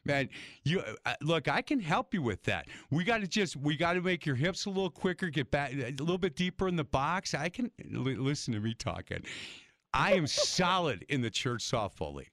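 Animated older man telling stories. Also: fairly high pitch, normal speed, no echo, studio quality. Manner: animated storyteller, acts out quotes. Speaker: radio host. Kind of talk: casual interview chat.

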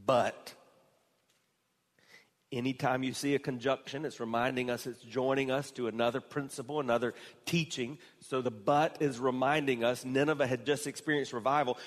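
A man's voice: medium pitch, fairly even intonation. Preaching man in a reverberant church. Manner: builds from quiet, slow phrasing to raised, emphatic preaching. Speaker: pastor. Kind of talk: sermon.

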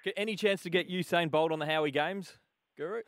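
Jokey radio host, dry sound. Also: male voice, on the high side, brisk, a bit bright, no echo. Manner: jokey, teasing questions. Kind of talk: casual radio chat.

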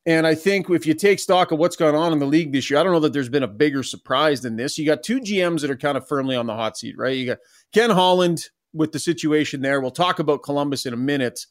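A man's voice: fairly high pitch, quick pace. A man hosting a sports podcast, teasing his co-hosts and steering them into the next topic. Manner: joking, teasing, leads the topics. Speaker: podcast host. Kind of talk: casual sports podcast chat.

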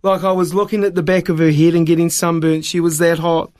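High-voiced New man telling a story. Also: a little fast. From New Zealand. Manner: animated storyteller, voice climbing high when excited. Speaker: evangelist guest. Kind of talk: storytelling on a radio show.

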